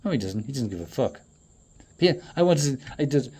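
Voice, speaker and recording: A man in a profane, rambling monologue that swings between loud outbursts and low muttering. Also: rapid-fire. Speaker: traveling performer.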